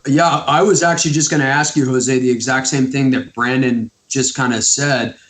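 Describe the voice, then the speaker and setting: A man co-hosting a podcast interview over an online call, chatting casually in an excitable, self-deprecating way, often restarting his sentences. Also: medium pitch, moderate pace, roomy sound. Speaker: podcast co-host.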